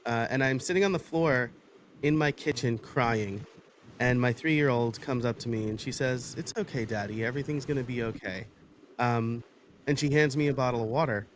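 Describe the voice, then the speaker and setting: Man from New York, podcast guest, steady and reflective, mid-pitched everyday voice. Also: slight background noise. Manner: measured, reflective storytelling. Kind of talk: casual interview talk.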